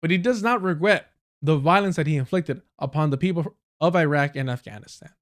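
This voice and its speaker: A livestream commentator with a fairly high-pitched, brisk voice reacts to clips on his live stream. His commentary is heated and sarcastic, and he swears a lot.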